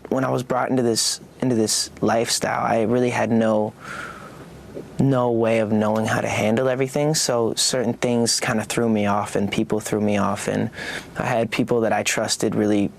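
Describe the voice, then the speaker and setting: Young male guest, gravelly, laid-back, halting, faint hiss behind. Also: fairly low pitch. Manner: relaxed, halting, lots of fillers and restarts. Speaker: interview guest. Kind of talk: casual interview chat.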